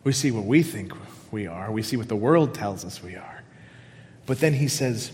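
Pastor preaching in a reverberant hall. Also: male voice, mid-range voice, moderate pace, a little hiss or hum. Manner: dynamic, swings from loud excitement to hushed whispers. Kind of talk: sermon.

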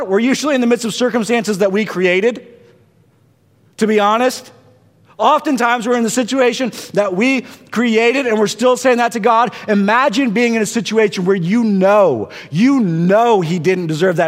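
A man preaching a sermon in a somewhat high voice. His delivery swings between intense peaks and hushed lows. The sound carries a long hall reverb. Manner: dynamic preaching, rising to intense peaks and dropping to hushed tones. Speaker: pastor.

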